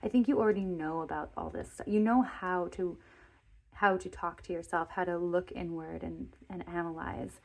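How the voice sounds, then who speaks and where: A woman giving a tarot reading, speaking gently and earnestly to viewers, rambling and restarting as she goes. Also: fairly low pitch, fairly even intonation, normal speed. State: emotional, near tears. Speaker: tarot reader.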